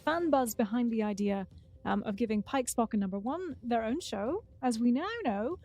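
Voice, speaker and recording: A woman co-hosting a podcast, chatting casually and running through news items in a brisk, amused way. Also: on the high side, animated, warm tone, faint music behind. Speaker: podcast co-host.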